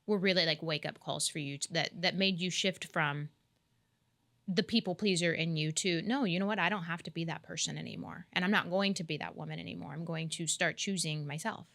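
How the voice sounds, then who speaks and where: Young woman hosting a podcast, encouraging and warm-toned questions, slightly lower voice. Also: fairly quick, gravelly. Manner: supportive, affirming, frequent backchannels. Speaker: podcast host. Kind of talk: interview conversation.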